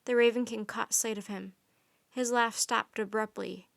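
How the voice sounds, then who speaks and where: A woman reading a children's story aloud in soft, even narration. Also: on the high side, moderate pace, vocal fry.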